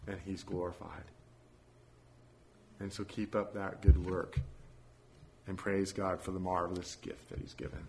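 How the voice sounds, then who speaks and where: A man's voice: sits low, flat delivery, unhurried, vocal fry, pauses often, warm tone. A man preaching in a church, reading a story aloud and leading a prayer with earnest, repeated phrases.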